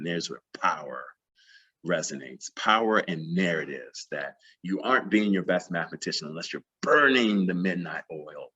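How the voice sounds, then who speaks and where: A middle-aged man with a very low, husky voice delivers an impassioned conference keynote. He speaks emphatically and doubles down on key words by repeating them. The audio sounds dull and lo-fi, like a streamed talk. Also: fairly bright tone. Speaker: plenary speaker.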